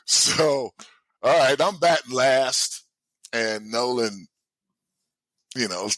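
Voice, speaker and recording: A man in his sixties telling stories as a guest in a casual chat, animated and often laughing. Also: medium pitch, slow, dry recording. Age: 60s. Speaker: guest, former baseball player.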